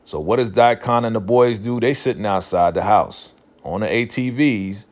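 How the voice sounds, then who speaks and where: A man's voice: on the low side, moderate pace. A man casually recapping a TV drama episode, animatedly retelling scenes and paraphrasing characters' lines. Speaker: recap reviewer.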